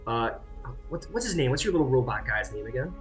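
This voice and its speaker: A man narrating a tabletop game as its game master, at an average pitch. He wanders through his descriptions with many fillers and restarts. Faint music plays behind him. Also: big pitch swings, fast. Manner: rambling, full of fillers and restarts.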